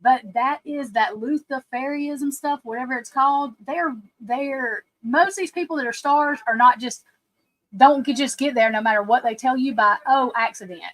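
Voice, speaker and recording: A woman's voice: high voice, moderate pace, fairly bright tone, rough recording. A woman psychic card reader talking casually on a livestream, rambling and emphatic, speaking straight to her listeners.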